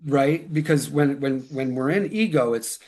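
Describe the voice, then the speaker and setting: A man's voice: medium pitch, unhurried, darkish tone. A man as a podcast guest, talking casually with lots of fillers and restarts. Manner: loose and filler-heavy, with frequent restarts. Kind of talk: casual conversational interview.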